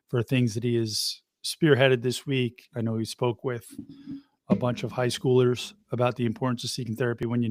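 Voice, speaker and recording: A man co-hosting a live podcast, relaxed and chatty, giving shout-outs. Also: mid-range voice, no echo, studio quality. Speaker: podcast co-host. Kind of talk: casual live podcast talk.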